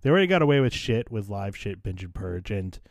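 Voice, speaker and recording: A man's voice: fairly low pitch, sing-song, brisk, gravelly, no echo, studio quality. An American man hosting a podcast, chatting casually in a wry, sarcastic manner and swearing freely. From United States. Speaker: podcast host. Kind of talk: casual chat.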